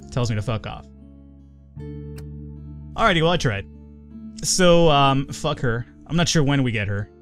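A man giving casual, rambling commentary over gameplay, off-the-cuff and peppered with swearing. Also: mid-range voice. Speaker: let's play gamer.

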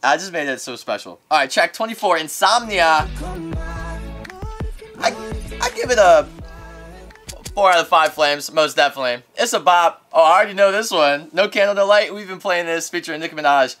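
A young man hosting radio, giving an excitable casual reaction to an album in a studio as he rates each track. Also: on the high side, normal speed. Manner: excitable, rates tracks in flames, laughs often. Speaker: radio host reviewing an album. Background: music playing.

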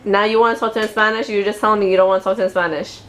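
A woman's voice: mid-range voice, little pitch movement, very fast, fairly bright tone, slight background noise. A woman vlogging casually at home, playful and teasing as she chats with her family. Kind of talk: casual family vlog chat.

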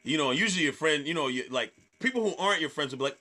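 A stand-up comedian in his thirties, appearing as a podcast guest, tells a story casually and animatedly, swearing often and repeating words. His voice is a little high and he talks at a racing pace.

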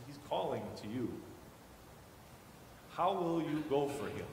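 A man in his thirties preaching a sermon as guest preacher, telling family stories with animated quoted voices. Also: a little high, unhurried, a little hiss or hum. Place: church sanctuary. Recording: echoey hall with long reverb.

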